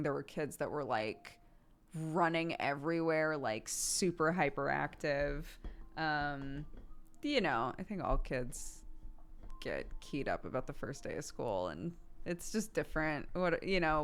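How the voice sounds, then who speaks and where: A woman's voice: low voice, lively intonation, measured pace. A woman in her thirties streaming at home, telling a rambling anecdote to her chat with many fillers and acted quotes.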